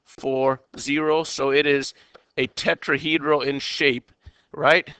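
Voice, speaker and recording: A man's voice: fairly high pitch, little pitch movement, takes it slowly, sharp tone, smooth, no echo. A man teaching a recorded chemistry lecture, talking himself through problems with playful asides and quirky exclamations.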